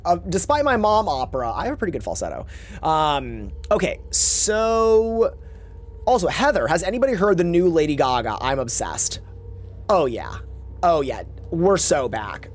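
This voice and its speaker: Campy chatty male streamer, lively pitch. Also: a little slow, soft background music. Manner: chatty, rambling, campy slang, reads chat aloud. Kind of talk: casual live-stream chat while gaming.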